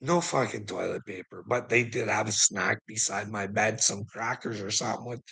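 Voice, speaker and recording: A man's voice: lowish voice, moderate pace, creaky, pushed and bright, husky, rough recording. A man telling a rambling personal story to a relative, swearing constantly and laughing often.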